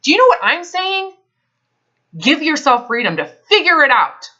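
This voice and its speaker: A woman's voice: high-pitched, big pitch swings, normal speed, sharp tone. A woman health advisor in a counseling session, talking bluntly and emphatically, swearing freely. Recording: dull lo-fi recording.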